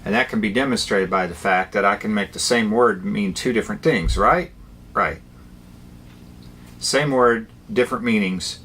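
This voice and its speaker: A man giving a guitar lesson, explaining ideas in a plain, unhurried way with fillers between phrases. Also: lowish voice, a bit bright, a little hiss or hum. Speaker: guitar teacher. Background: guitar playing between phrases.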